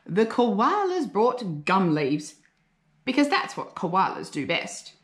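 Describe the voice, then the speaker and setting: A woman teacher reading a picture book aloud to young children, slow and expressive with a sing-song lilt. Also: medium pitch. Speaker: primary school teacher. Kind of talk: children's storybook read-aloud. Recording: roomy echo.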